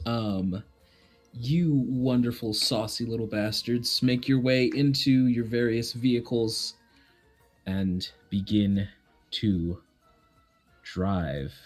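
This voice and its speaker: A man's voice: medium pitch, slow pace, soft background music. A man running a tabletop game as game master, narrating casually and correcting himself as he goes.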